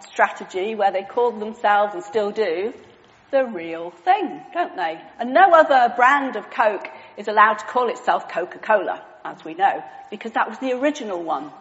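Lady preacher doing a sermon with props, bit high voice, muffled echoey church sound. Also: a bit bright. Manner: chatty, self-deprecating, asks the congregation questions. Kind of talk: all-age sermon with props.

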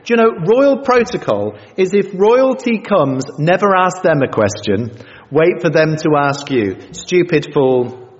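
A lively preacher in his fifties whose pitch swings widely as he tells self-mocking stories. His voice sits a little higher than most men's. The recording is dull and muffled, with long echo from a big hall. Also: measured pace. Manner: animated, self-mocking storytelling. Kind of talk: sermon. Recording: dull sound in a reverberant hall.

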